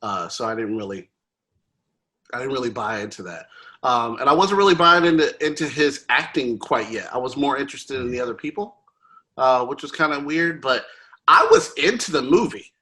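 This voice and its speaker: Man, podcast host, bright voice, middle pitch, casual rambling chat, lots of fillers. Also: lively intonation, moderate pace. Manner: rambling, with many fillers and restarts. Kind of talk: casual movie review chat.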